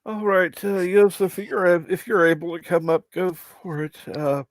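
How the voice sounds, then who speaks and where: A man's voice: high voice, normal speed, dry recording. A man hosting a casual podcast chat, exasperated and laughing along with his co-host.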